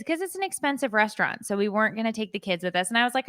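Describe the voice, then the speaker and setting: A woman's voice: on the high side, rapid-fire, few pauses, clean tone, no echo, clean studio sound. A woman co-hosting a parenting podcast, telling a story in casual chat and acting out what others said. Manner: animated storytelling, acting out quoted voices. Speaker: podcast co-host.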